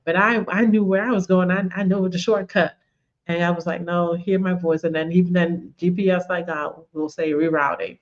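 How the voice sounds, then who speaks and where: A woman's voice: fairly low pitch, fairly even intonation, moderate pace. Woman giving a conversational faith teaching. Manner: storytelling, acts out her own inner dialogue. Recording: dull lo-fi sound.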